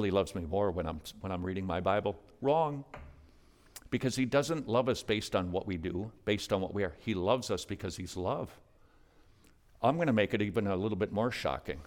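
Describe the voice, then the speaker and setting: A male pastor preaching a sermon, swinging from loud, emphatic lines to hushed, near-whispered ones. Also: lowish voice.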